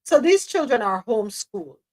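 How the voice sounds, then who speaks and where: A woman's voice: on the high side, a little fast, rough recording. A Jamaican woman hosting a live talk show, speaking emphatically and sometimes slipping into patois. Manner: animated, emphatic, slips into patois. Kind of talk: casual talk-show commentary.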